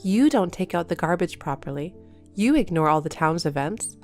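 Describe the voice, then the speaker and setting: A woman telling a first-person story in a calm, matter-of-fact way. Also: fairly low pitch, normal speed, faint music behind. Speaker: narrator.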